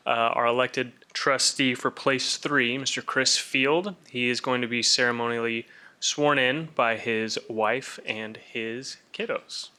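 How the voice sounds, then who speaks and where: A man presiding at a board meeting, giving friendly, brisk introductions for oaths of office with a few fillers. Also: mid-range voice, bright, forceful tone, clear, resonant tone.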